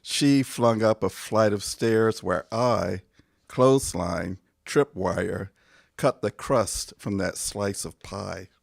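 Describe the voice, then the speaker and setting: A man, a poet, reading his own poems aloud in a measured, deliberate way, pausing between phrases, his voice going hoarse. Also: on the low side, dry recording, studio quality. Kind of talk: poetry reading.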